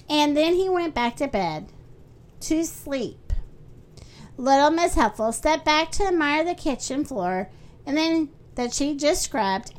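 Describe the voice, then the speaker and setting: Woman, high voice, slow unhurried pace, expressive children's storybook reading. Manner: lively, expressive read-aloud with character voices. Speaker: children's story podcast host.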